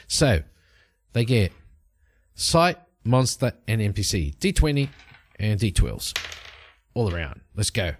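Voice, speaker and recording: A man hosting a solo tabletop game, narrating the story and musing aloud as he checks tables and rolls dice. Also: medium pitch. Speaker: host and solo game player.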